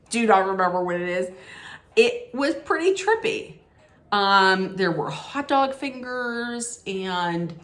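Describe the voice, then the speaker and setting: A woman's voice: mid-range voice, fairly bright tone. A woman vlogger handing out mock movie awards, talking casually and bluntly, often restarting and laughing. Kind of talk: casual opinionated vlog talk.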